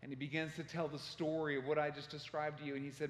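A man preaching a sermon as pastor, telling a story with passion and acting out shouted quotes. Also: a little high, little pitch movement, fast talker, few pauses, slight background noise. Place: church sanctuary. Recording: echoey church hall.

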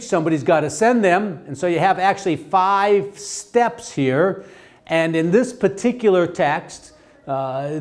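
Halting man lecturing a class. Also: on the high side, a little mellow. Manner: halting, many restarts and fillers, asks class questions. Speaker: theology teacher.

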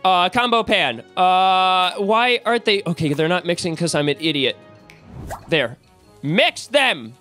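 A woman playing a video game and commentating, excitable, swearing and shrieking. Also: fairly low pitch, unhurried. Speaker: gamer. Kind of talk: let's play commentary. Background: game music.

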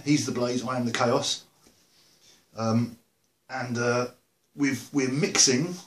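An English man chatting casually to camera about beer and music, rambling with dry humor. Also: medium pitch. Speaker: video blogger. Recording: roomy echo.

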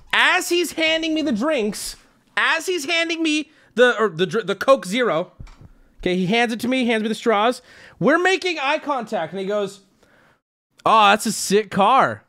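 Animated high-voiced male streamer. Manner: animated, swearing, jumps to high yelps when quoting himself. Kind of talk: casual storytelling to chat.

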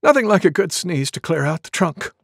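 A man's voice: high voice, big pitch swings, gravelly, breathy edge, dry recording, studio quality, full character voice. A man voicing a big, courteous male elephant with a cold in a storybook reading. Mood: polite. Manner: courteous, unhurried.

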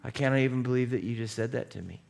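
A man voicing a quiet, quirky young gas station clerk of about twenty, soft and tearful. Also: mid-range voice, fast talker, creaky, natural voice. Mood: stunned, tearful. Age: around 20.

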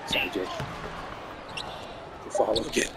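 A man casually commenting on his basketball video game, excitable and swearing, cheering his teammates on and laughing often. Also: unhurried, very noisy. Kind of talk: casual live gameplay commentary.

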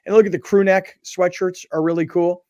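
Animated male sports radio host. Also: high voice, fairly quick, dry recording, studio quality. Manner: animated storyteller, acts out dialogue. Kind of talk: casual sports talk show chat. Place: broadcast studio. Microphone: studio microphone.

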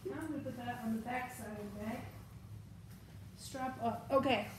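A woman's voice: on the high side, fairly even intonation, normal speed, noisy background. Chatty woman thinking aloud, roomy. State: has the hiccups. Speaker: vlogger. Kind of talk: casual show-and-tell.

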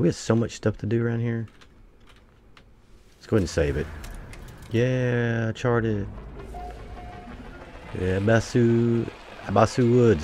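A man's voice: lowish voice, vocal fry, a little mellow, a little hiss or hum. A man giving casual gameplay commentary, swearing freely and grumbling to his viewers as he plays. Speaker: gameplay streamer.

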